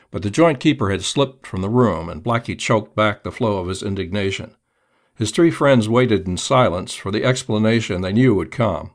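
A man reading a crime story aloud in a measured storytelling manner. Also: on the low side. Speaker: narrator. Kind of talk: audiobook narration.

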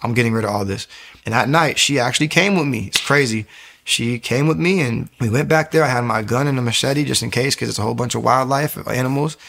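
A man's voice: mid-range voice, brisk, gravelly, a bit bright. A man earnestly recounting his faith testimony in a casual, repetitive way, with many fillers. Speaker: guest giving a testimony.

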